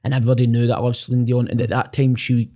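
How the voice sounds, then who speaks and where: Talking very fast in a mellow, monotone, medium-pitched voice, this young Glaswegian singer from Scotland, in his twenties, spins stories as a podcast guest. He curses freely, acts out quotes and keeps asking "do you know what I mean".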